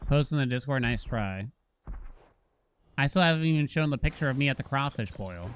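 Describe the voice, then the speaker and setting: A man's voice: medium pitch, lively intonation, fairly quick. Joking, swearing gamer guy. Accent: Boston. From Massachusetts. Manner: joking, rambling, swears freely. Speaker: streamer. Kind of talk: casual gameplay chat with viewers. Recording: game music playing behind.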